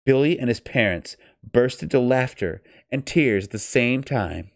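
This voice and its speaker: A man reading a novel aloud on a stream, then chatting casually in an animated, joking way and swearing freely. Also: medium pitch, measured pace, creaky, no echo, clean studio sound. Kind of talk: storybook reading and casual chat.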